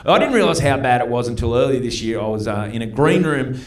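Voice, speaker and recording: A middle-aged man with an Australian accent, performing a stand-up comedy set in a club and telling chatty, punchy stories with quick mock voices. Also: mid-range voice, lively intonation. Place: comedy club stage before a live audience.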